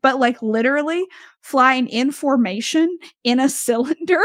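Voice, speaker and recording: A young woman telling a story in casual podcast chat, animated, laughing often and full of fillers. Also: high-pitched, normal speed, dry recording, clean studio sound. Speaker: podcast host.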